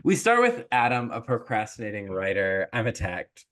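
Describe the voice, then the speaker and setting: A man's voice: fairly low pitch, huge pitch swings, a loud crowd. A man hosting a podcast, recapping a film in casual chat with jokes and laughter. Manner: chatty, joking, quick to laugh. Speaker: podcast host.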